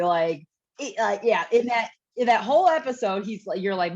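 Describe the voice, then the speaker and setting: With a medium-pitched, expressive voice at normal speed, this woman co-hosts a podcast, chatting casually and rambling with plenty of fillers and restarts. Her tone is a little mellow, and the dull lo-fi recording carries a slight hiss or hum.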